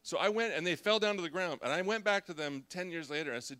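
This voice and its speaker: A middle-aged pastor preaching with a bright, forward voice. He tells his confessions in a storytelling way, dropping to a hush and then climbing into loud, lively bursts. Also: fairly high pitch, fast, smooth. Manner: confessional storytelling, swings from hushed to loud and animated. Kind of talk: sermon.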